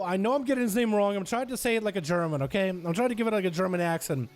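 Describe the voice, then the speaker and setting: A man giving excitable, gung-ho play-by-play commentary on player duels in an online game. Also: high voice. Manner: excitable, gung-ho, quick reactions.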